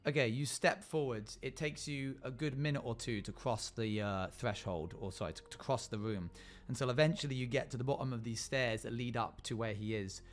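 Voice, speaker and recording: A man narrating a role-play game as a streamer, with frequent halts and fillers. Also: mid-range voice. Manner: halting, filler-heavy narration.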